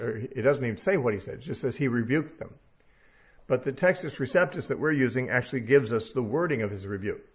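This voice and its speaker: A man teaching through a Bible passage verse by verse, talking casually and thinking aloud with frequent fillers. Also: mid-range voice.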